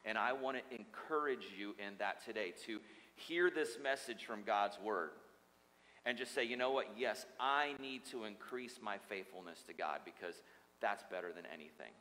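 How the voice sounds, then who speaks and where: Man, pastor, joking sermon, bright tone, church sanctuary, long hall reverb. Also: fairly low pitch, moderate pace. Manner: joking, storytelling, lively preacher.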